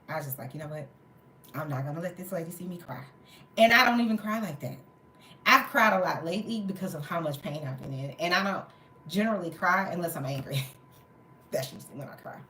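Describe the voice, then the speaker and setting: A woman's voice: lowish voice, slight background noise. A woman, tired and in pain, telling an exasperated story in casual chat, with some swearing. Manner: animated, exasperated retelling with swearing. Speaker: storytelling vlogger. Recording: roomy echo.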